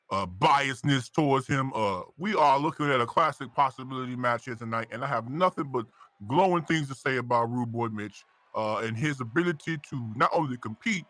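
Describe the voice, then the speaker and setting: A man speaking formally about a wrestling match, pausing with many uhs. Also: medium pitch, pushed and bright, dry recording.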